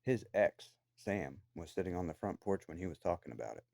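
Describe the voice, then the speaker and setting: Deep-voiced man ranting angrily. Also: expressive, a little fast, creaky, darkish tone, dry recording. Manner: profane, accusatory, confrontational. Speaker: vlogger. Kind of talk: angry personal rant. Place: his own room downstairs in a house.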